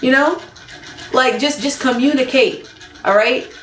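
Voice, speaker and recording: A high-pitched woman speaks a little slowly in a somewhat bright voice, with faint music in the background and a roomy echo. She's vlogging blunt, chatty relationship advice, laughing often and repeating points to drive them home.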